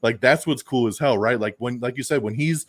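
A man hosting a podcast in a casual chat, animated and full of fillers, chuckling often. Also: medium pitch, fairly quick, dry recording. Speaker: podcast host reviewing a film.

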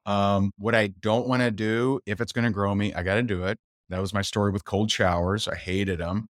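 A man guest on a podcast, telling personal stories candidly and acting out other people's lines in lively voices. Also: on the low side, normal speed, no echo, studio quality. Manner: animated storyteller who acts out other people's voices. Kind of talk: candid interview storytelling.

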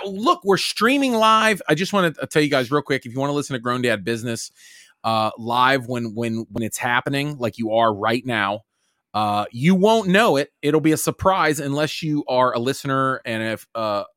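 A man's voice: mid-range voice, animated, moderate pace, a bit bright, no echo, clean studio sound. A man hosting a casual podcast from home, loose and jokey, saying "dude" all the time. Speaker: podcast host.

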